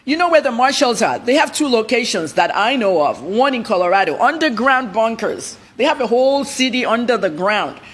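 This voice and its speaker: A woman journalist, answering TV interview questions in a blunt, rapid, emphatic way. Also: on the high side, very animated, breathy edge. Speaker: journalist guest.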